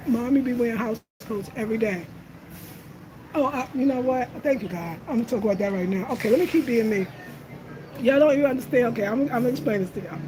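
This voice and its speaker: Woman host, middle-aged, fairly high voice, animated storytelling, noisy background. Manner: animated storyteller, laughs often, addresses viewers as y'all. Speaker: host of a home design channel. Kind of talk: casual livestream chat.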